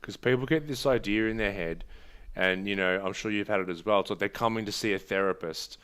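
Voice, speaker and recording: A man, talking casually on a podcast. His voice is low and smooth as he rambles through a story, doubling back on his words. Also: brisk, fairly bright tone. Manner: rambling, restarts words, laughs at own stories. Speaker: podcast co-host. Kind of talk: casual chat.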